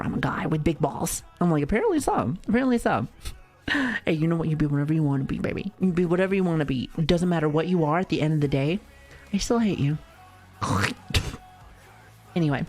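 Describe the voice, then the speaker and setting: In a deep voice with a darkish tone, this woman streamer keeps her live-stream chat casual. Giggly and playful, she laughs a lot and drops the occasional light swear.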